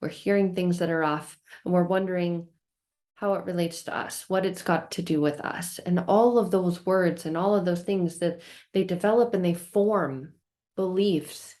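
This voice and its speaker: A woman hosting a laid-back self-help vlog speaks at a moderate pace in a fairly low, mellow voice. She tells her story expressively, acting out frustration in quoted outbursts and building rhythmic lists of repeated phrases.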